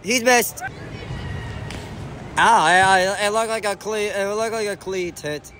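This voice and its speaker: A man giving excited sideline commentary on an amateur indoor soccer game, shouting and groaning at the plays and calling out to the referee. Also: high-pitched, slow, a faint crowd, a little hiss or hum.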